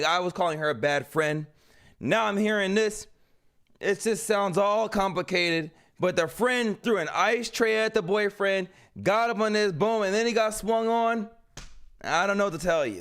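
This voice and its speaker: A young male streamer reacts to a clip in rambling, casual commentary. His voice sits high for a man, and he repeats lines and lets them fade. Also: fairly bright tone. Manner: loose, repetitive, trailing off into mumbles. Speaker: streamer host.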